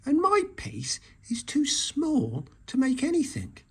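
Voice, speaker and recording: A man reading a storybook aloud and voicing a small, timid mouse with a squeaky, sniffly manner. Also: wildly swooping pitch, slow, gravelly, full character voice. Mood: sulky.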